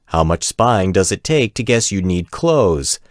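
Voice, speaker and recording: A man voicing a courtly, self-assured male wizard with a gnomish accent, speaking formally and with measured politeness. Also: low-pitched, big pitch swings, no room sound, studio quality. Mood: innocent. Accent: gnomish accent of the fantasy world.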